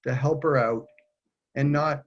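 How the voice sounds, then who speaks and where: A man with a husky, breathy voice speaks earnestly and haltingly, restarting his sentences as he goes. The audio is muffled and lo-fi, like a video call. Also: medium pitch, steady tone. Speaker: guest speaker. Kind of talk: candid personal conversation.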